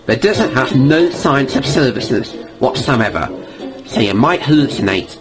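A man's voice: medium pitch, very animated, measured pace, low-quality recording. A man voicing a stern male spy car who speaks in a clipped, urgent way. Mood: warning. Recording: music playing underneath.

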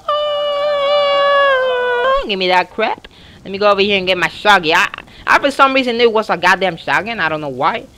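A young woman commenting on a horror game as she plays it, excitable and casually swearing, often yelling at what happens on screen. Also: on the high side. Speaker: gamer, channel host. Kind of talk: let's play commentary.

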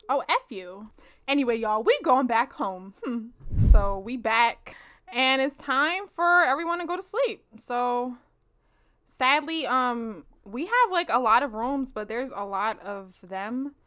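Lively bright-voiced young woman gamer. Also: fairly high pitch, measured pace. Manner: animated, laughing, slangy, talks to viewers as "y'all". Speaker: let's play host. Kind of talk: casual gameplay commentary.

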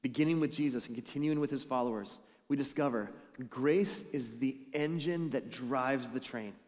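A man's voice: medium pitch, moderate pace, a little mellow. A pastor giving a conversational sermon to his congregation, telling stories along the way. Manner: storytelling, conversational preaching. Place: church sanctuary. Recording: church hall with long reverb.

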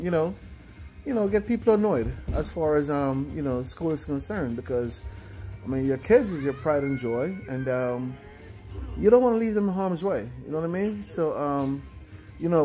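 In a relaxed home vlog, an older man rambles on, often dropping in "you know" and similar fillers and tags. His voice is mellow and on the high side.

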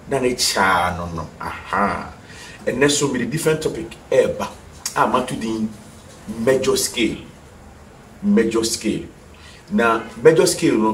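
Heard from far off the mic in an echoey room, a man with a Ghanaian accent and a lowish voice gives a TV piano lesson. He mixes English and Twi, repeats terms, and quizzes the viewer while piano notes play, with slight background noise.

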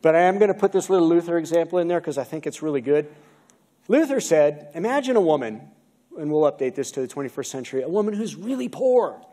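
Lively, high-voiced American pastor preaching. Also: male voice. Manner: animated preaching, asks the congregation questions. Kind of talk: sermon. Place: church sanctuary. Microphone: video-recorded pulpit mic.

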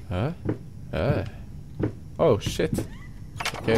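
Young male gaming YouTuber, skittish horror commentary, slow delivery, noisy background. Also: medium pitch. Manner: jumpy, swears a lot, talks to viewers. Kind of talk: horror game let's play commentary. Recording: noisy home recording.

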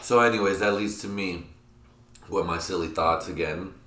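A deep-voiced young man hosts a solo podcast, speaking at a normal speed in a casual, crude, rambling rant punctuated by laughter at his own jokes. Captured with a computer mic in an echoey room, the recording is very noisy.

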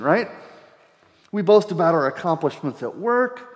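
A man's voice: fairly high pitch, sing-song, moderate pace. A middle-aged man preaching a conversational sermon as pastor, repeating words as he thinks aloud. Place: church hall. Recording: church hall with long reverb.

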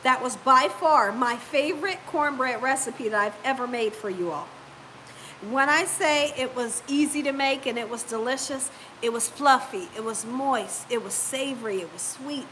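A chatty woman hosts a live stream from home, her voice high and ringing bright. She laughs easily between viewer comments and keeps clearing a stubborn cough, with a faint hiss behind her. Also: low-quality recording. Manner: chatty, warm-hearted, quick to laugh. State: lingering cough. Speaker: cooking channel host.

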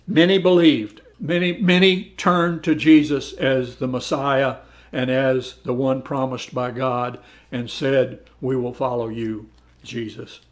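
Reading verses aloud and then commenting on them, a man leads a Bible study in a conversational way, often repeating words as he goes. His voice is medium-pitched with fairly even intonation, and he speaks slowly.

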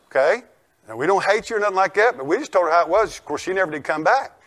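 An older male pastor, preaching a folksy, emphatic sermon that rises to shouts. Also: high-pitched, animated, fast. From United States.

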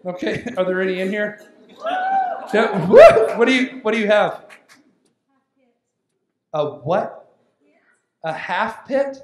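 A man doing live stand-up comedy, chatty and animated, bantering with the audience. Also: high voice, slow pace, pauses often. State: winded from yelling. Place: large hall at a benefit show. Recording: echoey hall, noisy crowd.

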